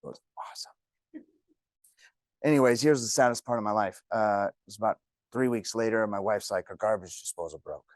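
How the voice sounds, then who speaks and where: A man's voice: lowish voice, brisk, pauses often, no room sound, studio quality. A man teaching a real estate class, telling joking stories to the room. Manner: jokey, storytelling. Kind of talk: classroom talk.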